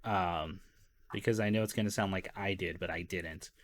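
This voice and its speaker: A man's voice: low-pitched, fairly even intonation, normal speed. A man co-hosting a casual movie podcast, telling stories with laughter and swearing. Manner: laughing, profane storyteller. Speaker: podcast co-host. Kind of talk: casual movie-review chat.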